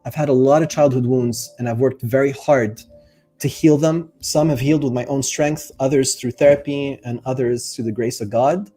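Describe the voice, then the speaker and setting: Earnest, mellow-voiced man with faint music. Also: medium pitch, fairly even intonation, moderate pace. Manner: earnest, openly emotional, thinking aloud with many fillers. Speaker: life coach. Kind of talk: casual reflective monologue to camera.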